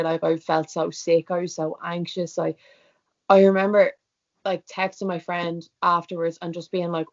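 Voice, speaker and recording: A young woman with an Irish accent, a student guest telling her own story in a candid interview, talking fast with lots of "like". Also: fairly low pitch, fairly even intonation. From Ireland. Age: young adult. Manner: fast, emotional storytelling with many "like"s. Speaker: student guest, former karate competitor. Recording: dull lo-fi sound.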